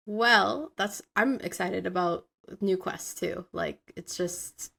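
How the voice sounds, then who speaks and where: Brief: female podcast host, mid pitch, upbeat, steers the talk. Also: slow pace, creaky, fairly bright tone, slightly rough. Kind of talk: casual chat.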